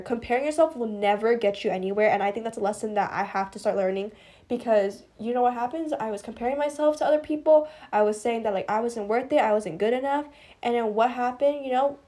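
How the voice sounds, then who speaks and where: A woman's voice: on the high side, dark tone. A young woman, hosting a podcast and giving casual, rambling advice to listeners she calls guys, full of "like" and "you know". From US East Coast. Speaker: podcast host.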